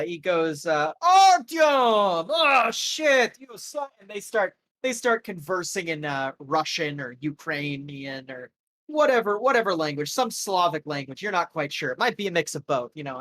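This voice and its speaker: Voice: medium pitch, a bit bright. Rambling, casual game master. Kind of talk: narrating a tabletop game.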